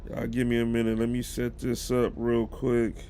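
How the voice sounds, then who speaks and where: A man's voice: mid-range voice, monotone, moderate pace, dark tone, slight background noise. A man with a cold and a stuffy nose, chatting casually with his live-stream viewers about football news. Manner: chatty, greets chat viewers directly.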